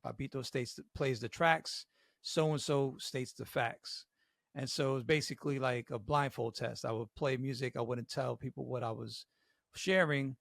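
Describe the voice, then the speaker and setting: A middle-aged man co-hosting a podcast, telling an animated story full of slang. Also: mid-range voice, normal speed, creaky, no room sound, clean studio sound. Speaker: podcast co-host.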